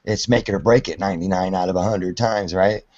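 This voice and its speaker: A man's voice: low-pitched, fairly even intonation, a little fast, a little mellow. A man in a casual online discussion, rambling and swearing as he makes his point. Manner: rambling, swears, restarts often. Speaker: guest in discussion. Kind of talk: casual heated chat. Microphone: video call. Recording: dull web call audio.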